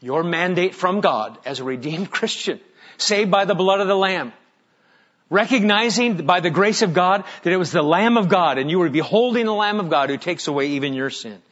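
On a muffled recording, a high-pitched, animated male pastor preaches, recounting stories with drama and shifting between hushed, slow delivery and loud emphasis.

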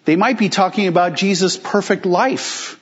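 Husky-voiced man preaching a casual sermon. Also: sits high, lo-fi sound. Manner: conversational, acts out listeners' reactions in quick asides. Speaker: pastor.

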